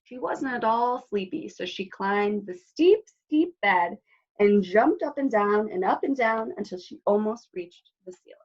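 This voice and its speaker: A librarian woman reads a picture book aloud for children at story time. Her voice sits at a middle pitch and is expressive, with friendly asides. The audio is slightly dull. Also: a little slow.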